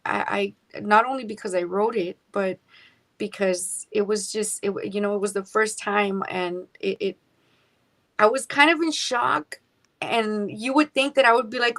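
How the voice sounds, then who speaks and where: A woman's voice: mid-range voice, moderate pace. A young adult woman, chatting as a singer-songwriter guest in a radio interview, dropping in Spanish words. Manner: chatty, warm laughter, mixes in Spanish words.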